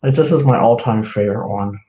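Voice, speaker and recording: A man's voice: fairly low pitch, a little fast, warm tone. A man chatting casually on a livestream, rambling with lots of fillers as he shows his crafts to viewers. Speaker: live-streaming craft seller. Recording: roomy, dull lo-fi, faint hiss.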